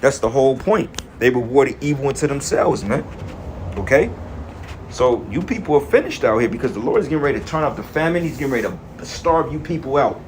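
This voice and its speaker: A man's voice: medium pitch, expressive, fairly quick, a little hiss or hum. A man preaching in an angry, profane rant, reading scripture verses and then commenting on them. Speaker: street preacher.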